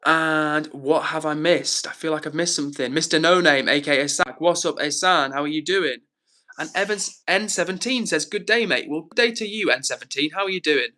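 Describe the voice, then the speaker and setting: Bright upbeat man. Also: on the high side, normal speed. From England. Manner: upbeat and encouraging, addresses viewers by name. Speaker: livestream host. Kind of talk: casual livestream chat, reading out comments.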